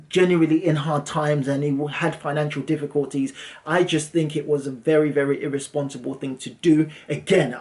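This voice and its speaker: Lively man telling a story. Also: a little high. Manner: animated, lively retelling with frequent "um"s. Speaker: property investor and landlord. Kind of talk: casual storytelling to camera.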